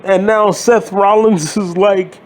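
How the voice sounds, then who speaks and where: High-voiced man ranting, slow and profane. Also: fairly even intonation. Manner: exasperated, swearing, sarcastic. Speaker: wrestling commentary channel host. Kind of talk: profane wrestling rant.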